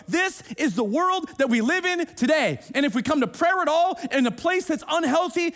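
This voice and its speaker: A man preaching a sermon in a church, emphatic and swinging between hushed and loud. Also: very high-pitched, expressive, a little fast, hardly any pauses. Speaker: pastor. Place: church sanctuary, streamed online.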